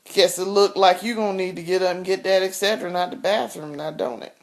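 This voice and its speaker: A woman voicing her uncaring husband in a flat, mumbled drawl. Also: lowish voice, fairly quick, close to an everyday voice. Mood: dismissive. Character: dismissive uncaring husband, adult man.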